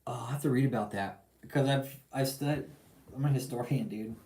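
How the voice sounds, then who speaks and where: A man hosting a casual call-in talk show, ranting in a profane, animated way with lots of slang. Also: medium pitch, brisk, echoey room, rough recording. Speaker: podcast host.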